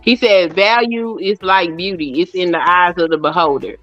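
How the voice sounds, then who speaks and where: A woman's voice: fairly low pitch, moderate pace, fairly bright tone, dull audio, faint music behind. A woman with a Southern US accent in a casual group chat, playful and teasing.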